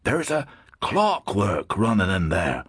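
An actor playing a wise, protective old man who speaks in an old-fashioned rustic dialect, measured and grave. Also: on the low side, wildly swooping pitch, fairly bright tone, breathy edge, no room sound, clean studio sound, full character voice. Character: wise old male gyptian elder, protective.

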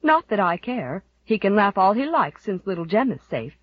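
A woman's voice: medium pitch, big pitch swings, moderate pace, husky, dry recording, highs cut off. A woman voicing a fussy, devoted older housekeeper who talks eagerly and bustles through her words, for an audiobook. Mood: cheerful. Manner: eager, bustling, repeats terms of address.

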